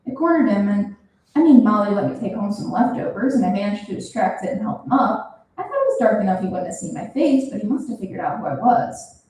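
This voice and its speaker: A woman's voice: mid-range voice, very animated, fast talker, dark tone, slight background noise, lightly acted. A woman voicing a flustered, evasive young male barista who stumbles over his words. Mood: confessing. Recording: roomy, from a distance.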